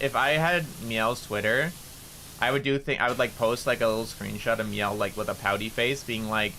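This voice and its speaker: A man chatting casually on a gaming livestream, profane and excitable, jumping into high-pitched outbursts. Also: moderate pace, a little hiss or hum. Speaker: VTuber streamer.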